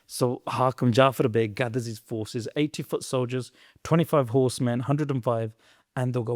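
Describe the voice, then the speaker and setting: A man's voice: mid-range voice, fairly even intonation, moderate pace, dry recording. Impassioned man telling history, dry sound. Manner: earnest, preachy, swings between loud emphasis and quiet asides. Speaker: podcast storyteller. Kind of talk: impassioned historical storytelling in a podcast chat.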